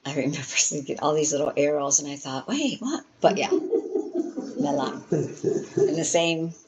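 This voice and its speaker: A woman with a deep, low voice leads a small language class. She walks through the lesson patiently, filling pauses with ums and restarting sentences as she goes. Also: fairly even intonation, low-quality recording. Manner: patient, filler-heavy, restarts often. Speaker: Hebrew teacher. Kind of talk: casual class teaching.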